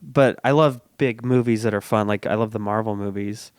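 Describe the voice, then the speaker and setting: A man's voice: lowish voice, moderate pace. A man hosting a podcast from home, chatting casually and rambling with lots of filler words. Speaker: podcast host. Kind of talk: casual chat.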